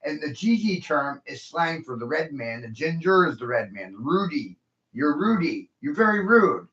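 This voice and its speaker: A man's voice: a little high, big pitch swings, moderate pace, a bit bright. A man ranting profanely and heatedly in a casual podcast chat. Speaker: podcast host. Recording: echoey, dull lo-fi room.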